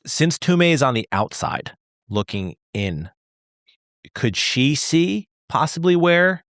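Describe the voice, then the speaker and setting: A man playing a tabletop game, asking questions in an unsure, animated way. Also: a little high, takes it slowly, no echo, clean studio sound. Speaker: player. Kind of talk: casual tabletop chat.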